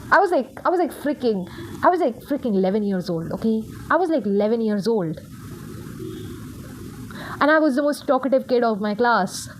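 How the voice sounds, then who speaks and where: Young woman tarot reader, high voice, rambling and blunt, faint hiss behind her. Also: lively intonation, moderate pace, long pauses, a little mellow. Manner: rambling, blunt, swears freely. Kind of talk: casual spoken tarot reading.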